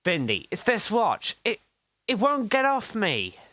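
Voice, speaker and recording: A performer voicing an eager, excitable young boy in a homemade superhero story. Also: medium pitch, a little slow, no room sound, voice pushed up. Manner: eager, breathless.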